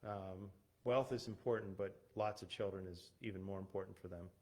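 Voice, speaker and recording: Low-voiced man giving a casual church talk. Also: steady tone, brisk, darkish tone. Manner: conversational, many fillers and restarts, laughs at himself. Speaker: missionary pastor, guest speaker. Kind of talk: church talk with personal stories. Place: church, streamed online. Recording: unstable internet stream with glitches.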